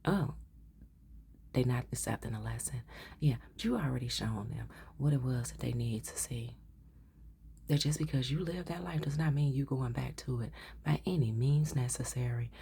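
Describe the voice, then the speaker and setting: A woman's voice: rumbling low, normal speed, creaky, dark tone. A woman giving a casual tarot reading, blunt and profane, often dropping into a whisper. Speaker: tarot reader.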